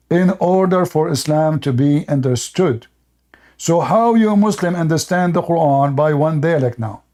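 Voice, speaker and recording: Combative high-voiced man debating online. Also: warm tone. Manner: combative, mocking, talks over the caller. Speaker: debate host. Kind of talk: heated live-stream debate.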